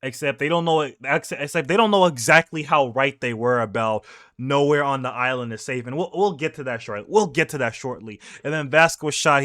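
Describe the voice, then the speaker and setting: A man's voice: mid-range voice, a little fast, pushed and bright. A young man casually reading through a manga chapter, rambling and correcting himself as he goes. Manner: rambling, self-correcting, chuckling. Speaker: manga reaction host.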